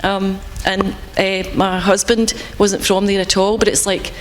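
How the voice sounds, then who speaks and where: A woman speaking on an art panel, telling stories in a chatty, animated way. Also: medium pitch, measured pace, long reverb tail, slight background noise. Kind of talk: panel discussion.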